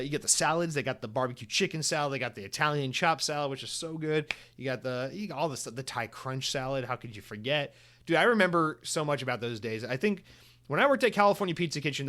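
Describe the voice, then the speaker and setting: A man's voice: mid-range voice, a bit bright. Rambling, swearing young man hosting a podcast. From United States. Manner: rambling, swears a lot, many restarts. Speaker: podcast host. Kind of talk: casual solo podcast chat.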